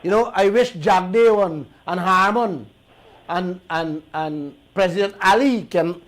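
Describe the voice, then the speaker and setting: A man with a Guyanese accent hosting a radio talk show, telling stories in an animated, indignant way and repeating himself. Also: high voice, a little slow, rough recording. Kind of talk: heated talk radio monologue.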